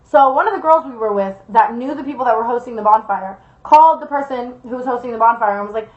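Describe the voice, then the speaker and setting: A young woman with a fairly high voice tells a story in a rambling, chatty way, swearing freely and repeating lines for emphasis. The sound is dull and lo-fi, and her voice bounces around an echoey room. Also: fast, hardly any pauses. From Las Vegas, USA. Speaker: vlogger. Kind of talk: casual storytime.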